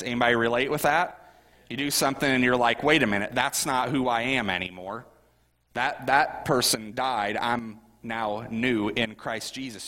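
A man's voice: mid-range voice, sharp tone, in a large hall. A middle-aged man, a pastor, preaching a sermon in a conversational way, often asking the congregation questions.

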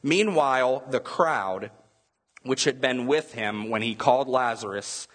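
A man's voice: medium pitch, unhurried, fairly bright tone. A man preaching a sermon as a pastor, talking to the congregation in a loose, conversational way. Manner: conversational preaching with acted-out crowd voices.

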